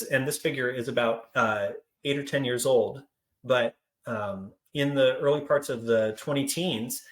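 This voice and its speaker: A young man from Central Kentucky leads a training session, his voice sitting at an everyday middle pitch. He talks in a loose, conversational way, leaning on frequent fillers as he tells stories. The room around him has a noticeable echo. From Central Kentucky, United States. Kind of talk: training presentation. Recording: roomy echo.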